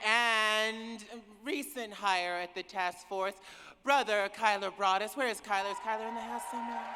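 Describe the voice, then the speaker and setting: A woman's voice: medium pitch, a little hiss or hum. A woman giving an emotional keynote speech to a cheering audience, effusive and repeating words when she is moved. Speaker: keynote speaker. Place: large conference hall with live audience. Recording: echoey hall from far off, loud crowd.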